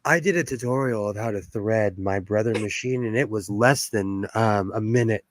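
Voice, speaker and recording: A man from California hosting a sewing livestream, telling stories in a playful, animated way with plenty of laughter. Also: on the low side, moderate pace, a little hiss or hum. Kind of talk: casual chat.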